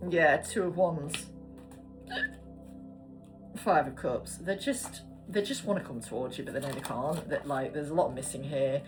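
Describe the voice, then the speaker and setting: A woman's voice: deep voice, unhurried, over music. A British woman in her forties doing a casual tarot reading, chatty and given to swearing and tangents. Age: 40s. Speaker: tarot card reader.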